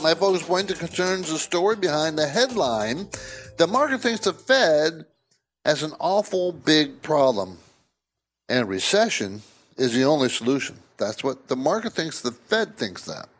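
A man's voice: unhurried, soft background music. A man hosting a financial talk radio show, giving emphatic, repetitive market commentary. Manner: emphatic, repetitive, lively swings of pitch.

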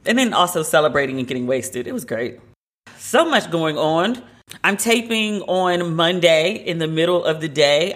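A woman hosting a casual solo podcast from her home loft, chatty and gushing, with a lot of filler "like". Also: low-pitched. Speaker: podcast host.

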